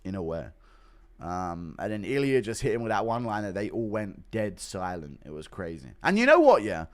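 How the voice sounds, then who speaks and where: A man's voice: lowish voice, sing-song, moderate pace. Blunt, rambling male streamer. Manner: blunt, swears often, rambling with many fillers. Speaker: streamer reacting to MMA news. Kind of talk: casual livestream commentary reading donations.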